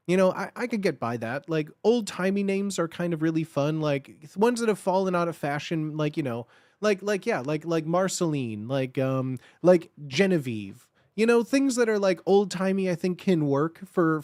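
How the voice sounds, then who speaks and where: A man's voice: fairly high pitch, darkish tone, no room sound, clean studio sound. A man hosting a livestream and chatting casually with viewers, rambling and playful, packing his talk with "like" and restarts. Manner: playful and jokey. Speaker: livestream host.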